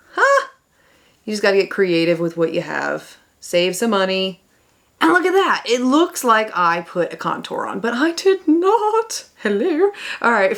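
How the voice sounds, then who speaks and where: Enthusiastic woman beauty vlogger walking through a makeup look, with a little vocal fry. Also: medium pitch. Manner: enthusiastic, exclaiming over products. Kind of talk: makeup tutorial talk to camera.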